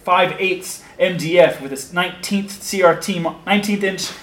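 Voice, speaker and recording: A man's voice: high-pitched, normal speed, fairly bright tone, echoey room. A young man narrating his own story in a comic audio drama, sardonic and crude, often chuckling. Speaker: narrator and lead actor.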